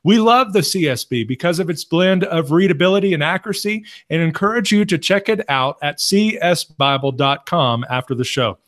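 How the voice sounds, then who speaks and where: A man's voice: on the high side, animated, normal speed, few pauses, fairly bright tone. A man, co-hosting a casual podcast as a pastor, joking and self-deprecating.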